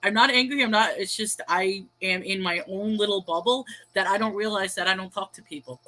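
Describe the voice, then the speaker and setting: A woman's voice: mid-range voice, fairly quick, pushed and bright, a little hiss or hum, low-quality recording. A middle-aged woman hosting a casual livestream, rambling and self-deprecating, reading viewer chat aloud and laughing often between thoughts. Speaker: livestream host and small online seller. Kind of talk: casual confessional livestream rant.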